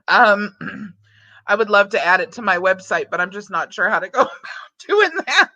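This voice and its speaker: A woman's voice: mid-range voice, animated, moderate pace, sharp tone, dry recording, muffled recording. A woman hosting a casual livestream, reading out viewer chat, chatty and prone to laughing often. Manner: giggly, breaks into frequent laughter.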